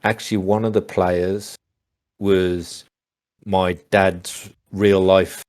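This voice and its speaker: Guest: man, very low voice, dry close sound, rambling casual anecdotes. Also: level tone, slow, a little mellow, no room sound. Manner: rambling, many restarts and fillers. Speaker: interview guest, former pro gamer. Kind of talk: casual storytelling on a call.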